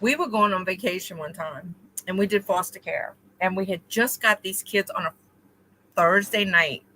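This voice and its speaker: A woman co-hosting a casual chat between friends, telling animated stories and addressing listeners casually. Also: medium pitch, normal speed, slight background noise, rough recording. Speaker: co-host.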